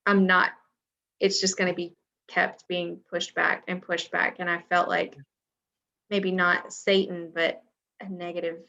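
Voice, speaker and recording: Earnest woman with a gravelly voice. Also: lowish voice, a little slow. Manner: earnest and reflective, with bursts of excitement. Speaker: podcast co-host. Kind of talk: casual podcast chat. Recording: dull lo-fi audio.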